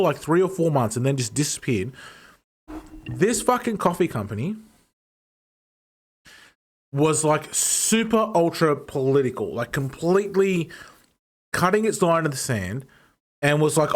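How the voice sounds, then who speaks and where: Streamer, male, slightly high voice, heated profane rant, chewing between lines. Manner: ranting, heavy swearing; talks while eating. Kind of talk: casual stream chat.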